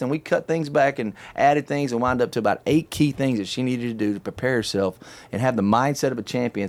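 A middle-aged man hosting a casual chat, telling a long story in an animated, chatty way and laughing often. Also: medium pitch. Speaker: podcast host telling a story.

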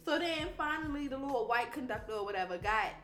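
A woman podcast host telling a story in casual, animated chat, swearing freely. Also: fairly high pitch, quick pace, faint music behind. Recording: roomy echo.

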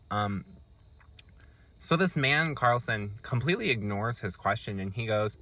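Slow, laid-back man recapping a film. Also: lowish voice, expressive, bright, forceful tone. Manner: slow, loose and profane, with many ums and likes. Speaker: podcast host recapping a film. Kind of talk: casual movie recap.

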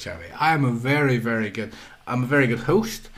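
A man's voice: mid-range voice, animated, fairly quick, fairly bright tone. A man from Ireland, co-hosting a podcast in casual, teasing, rambling banter. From Northern Ireland. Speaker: podcast co-host.

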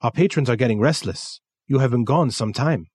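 A man's voice: mid-range voice, a little fast, a little mellow, husky, no echo, lightly acted. A man voicing a polite, formal Japanese male art dealer with a thick Japanese accent, speaking with courteous deference.

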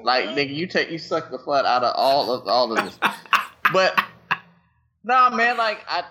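A man's voice: a little high, big pitch swings, moderate pace, pushed and bright. A man chatting casually at home on a group call, loose and rambling, full of slang and swearing. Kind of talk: casual profane group chat. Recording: dull lo-fi call audio.

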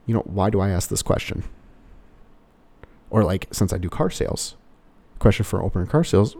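A man's voice: fairly low pitch, expressive, moderate pace, gravelly, a little mellow. A male car salesperson giving casual sales advice in a rambling way, full of "you know" fillers.

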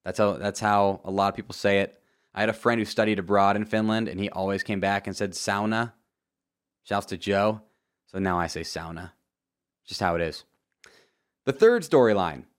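A young man from Florida giving a casual, joking race recap with lively asides and sudden loud outbursts. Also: lowish voice, moderate pace. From Florida, USA. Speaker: motorsport commentator. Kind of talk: casual video commentary.

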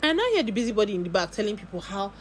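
A woman with a Nigerian accent tells a long story in a casual vlog, packed with asides and acted-out dialogue. Her mid-range voice swings widely in pitch and comes out rapid-fire. There's a slight hiss or hum in the audio.

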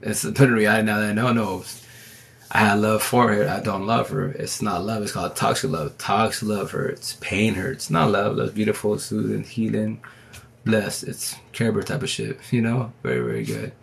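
A low-pitched man with a gravelly, creaky edge talks straight into his phone during a livestream. He rambles in a loose, slangy way, and his words come out fast. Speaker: livestream host. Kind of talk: casual livestream monologue.

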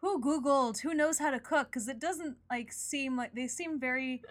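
A young woman co-hosting a podcast, talking casually in a wry, animated way and swearing now and then. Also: sits high, moderate pace. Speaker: podcast co-host. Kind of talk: casual chat.

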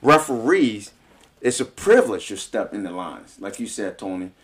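A man's voice: lowish voice, very animated, moderate pace. A man who coaches youth sports, chatting on a podcast in a laid-back way, trailing off and dropping his voice. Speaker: youth soccer and basketball coach. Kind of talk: casual podcast chat.

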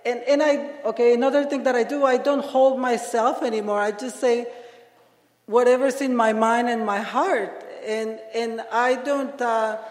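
A woman's voice: on the high side, steady tone, moderate pace. A woman sharing her story as a speaker on a conference panel, laughing often and restarting her sentences. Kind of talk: personal recovery share. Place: large conference hall. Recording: echoey hall.

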